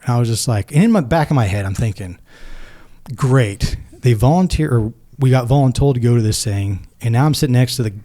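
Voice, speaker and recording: A middle-aged man, a former Navy SEAL, telling stories casually and acting out the quoted lines in a lively way. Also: medium pitch, brisk. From United States. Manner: animated, acts out quoted dialogue. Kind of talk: casual storytelling.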